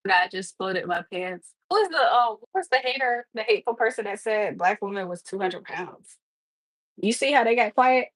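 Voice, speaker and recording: A woman's voice: on the high side, expressive, moderate pace, a bit bright, no echo, low-quality recording. A young woman chats on a livestream as she cooks, answering her chat in a sassy, teasing way. Her voice is close to the mic and dry, with no room around it. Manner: sassy, talks back to the chat. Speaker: live streamer. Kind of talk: casual livestream chat while cooking.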